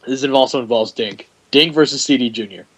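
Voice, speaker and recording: Man, podcast host, mid-pitched voice, animated storytelling, laughs a lot, faint background hiss. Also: brisk, poor audio. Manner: animated storyteller, acts out quotes, laughs often. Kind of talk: casual chat.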